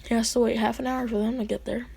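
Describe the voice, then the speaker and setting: A woman's voice: fairly high pitch, little pitch movement, fast talker, vocal fry, warm tone, husky. Rambling, slangy woman storyteller. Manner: rambling, slangy narration with fillers. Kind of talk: casual storytelling of a fan scenario.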